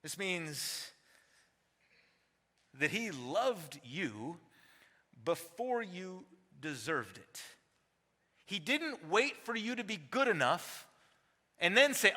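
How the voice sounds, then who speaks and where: A man's voice: high-pitched, very animated, a little slow, bright, forceful tone. A man in his forties preaching a sermon as a teaching pastor, emphatic and conversational, tossing rhetorical questions to the congregation. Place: large church sanctuary. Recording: long hall reverb.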